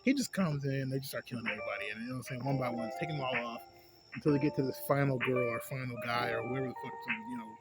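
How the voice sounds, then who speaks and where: A man's voice: mid-range voice, rapid-fire, loud music behind the voice. A man vlogging a casual movie review, rambling and cursing heavily. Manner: profane, rambling, animated.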